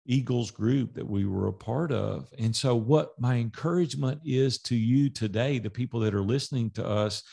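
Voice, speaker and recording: His mid-range voice is husky with vocal fry, moving at normal speed with hardly any pauses. This middle-aged Nashville, Tennessee native is a podcast guest who animates his stories by performing the dialogue.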